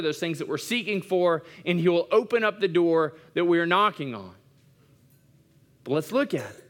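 Male pastor, high-set voice, chatty sermon delivery that circles back on its points. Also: a bit bright. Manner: conversational, repeats phrases for emphasis. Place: church service.

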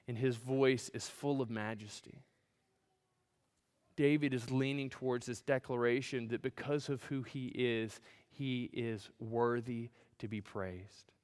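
A male pastor preaching a sermon in a church, swinging from loud, emphatic build-ups to hushed, near-whispered lines. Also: mid-range voice, fairly even intonation, unhurried, clear, resonant tone. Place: church sanctuary. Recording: long hall reverb.

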